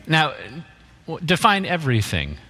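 A man interviewing members of a church community, asking gentle follow-up questions. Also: a little high, huge pitch swings, moderate pace, long reverb tail.

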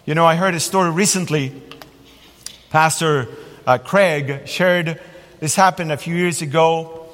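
A fairly high-voiced man delivers a sermon, shifting into lively storytelling as he preaches. His voice rings out with a long reverb from a large church hall. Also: unhurried, pauses often. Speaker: pastor.

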